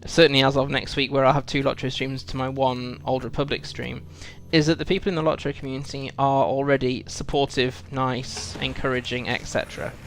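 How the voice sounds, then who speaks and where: A man's voice: medium pitch, little pitch movement, fairly quick, hardly any pauses. A British man streaming a video game, chatting reflectively with viewers, full of ums and restarts. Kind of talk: casual live-stream chat while playing.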